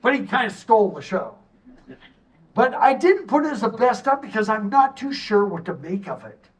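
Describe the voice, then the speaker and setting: Animated man presenting on a stage, distant mic. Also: high voice, normal speed. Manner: animated, storytelling, jokey asides. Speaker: tourism consultant giving a community assessment. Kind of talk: public presentation to a town audience. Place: stage in a hall.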